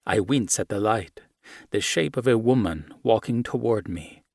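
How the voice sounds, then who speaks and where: A man reads a first-person romance in a measured, intimate way. His voice sits on the low side and stays soft throughout. The sound is close and completely dry. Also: expressive, gravelly, no room sound. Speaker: audiobook narrator.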